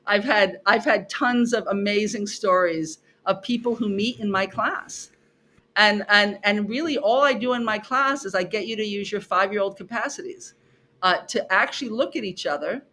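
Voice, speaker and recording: A middle-aged woman, a professor guesting on a podcast, telling stories about her classes in an expressive way, acting out her students and repeating herself for emphasis. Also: medium pitch, normal speed, slight background noise. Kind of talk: animated conversational storytelling.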